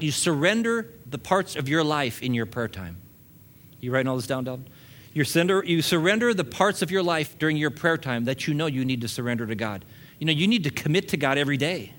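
A man's voice: a little high, a bit bright. A male pastor preaching a sermon, building emphasis with casual asides to the congregation.

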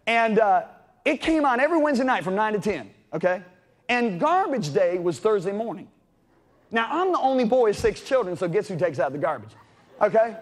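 A man preaching a sermon, telling stories dramatically and swinging between loud calls and hushed moments. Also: high voice, in a large hall. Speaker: pastor. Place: church sanctuary.

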